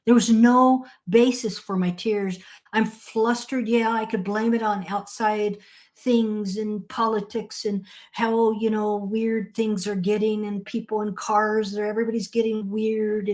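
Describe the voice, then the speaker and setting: A woman's voice: medium pitch, little pitch movement, unhurried, darkish tone. A woman co-host chatting casually over a call, her voice in an ordinary mid register. She rambles through personal stories and swears without hesitation. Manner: candid, rambling storyteller who swears freely. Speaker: podcast co-host. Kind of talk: casual chat. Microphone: phone or call audio.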